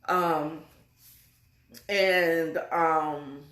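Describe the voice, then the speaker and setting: A woman's voice: deep voice, fairly even intonation, very slow, a bit bright. A woman casually retelling a romance novel chapter, chatty and full of fillers and self-corrections. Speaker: storyteller. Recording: echoey room.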